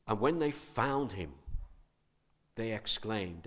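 A man preaching a sermon in a conversational, animated way, asking his listeners many questions. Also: on the low side, normal speed.

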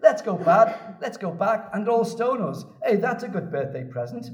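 A preacher acting as a sarcastic, gloomy disciple. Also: male voice, high voice, big pitch swings, moderate pace, reverberant, recorded from a distance, pitched above the performer's own voice. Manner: sarcastic, cynical. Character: sarcastic, pessimistic grown male disciple.

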